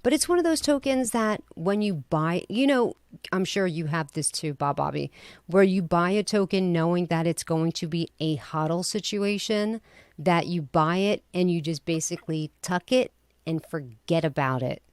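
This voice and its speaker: A woman's voice: lowish voice, normal speed, no room sound. A woman chatting casually as a guest, talkative and opinionated. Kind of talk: casual chat.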